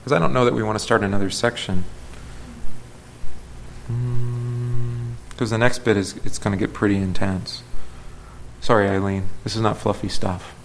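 A man's voice: lowish voice, steady tone, normal speed, long pauses, slight background noise. A man leading a Bible study as a pastor, teaching conversationally, asking the group questions and correcting himself as he goes. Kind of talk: casual Bible class teaching.

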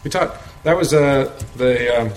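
In a roomy, echoing space with faint background noise, a man with a mid-range voice runs an informal Bible study at a slightly slow pace. His tone is conversational, peppered with rhetorical questions and frequent chuckles.

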